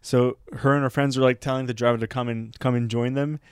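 Smooth-voiced chatty podcast guy. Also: mid-range voice, level tone, fast, no echo, clean studio sound. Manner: chatty storyteller, laughs easily, lots of "like". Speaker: podcast co-host. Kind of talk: casual chat.

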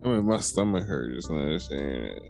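A man's voice: rumbling low, big pitch swings, normal speed, gravelly, a little mellow, soft background music. A man co-hosting a podcast, talking bluntly in a casual chat. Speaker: podcast co-host.

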